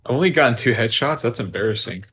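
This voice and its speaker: A man's voice: medium pitch, animated, quick pace, fairly bright tone, breathy edge. A man playing an online shooter and chatting casually with teammates in a teasing, playful way. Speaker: game player. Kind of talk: casual gaming voice chat.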